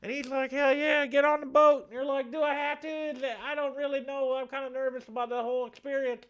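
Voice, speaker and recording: A man's voice: very high-pitched, flat delivery, fast, fairly bright tone, pitched above the performer's own voice. A man voicing an effeminate southern man's ghost with a lisp and a Southern US accent, rambling crudely through a story.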